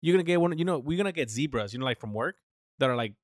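A man from the United States hosts a podcast at medium pitch, talking rapid-fire in a clean, echo-free studio recording. He rants animatedly, cursing a lot and starting over many times.

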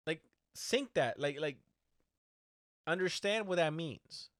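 A man with a bright, slightly high voice rants in casual talk, cursing freely and getting heated. The sound is dry and close. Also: slow, dry recording. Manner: animated, swears a lot, ranting. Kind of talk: casual chat.

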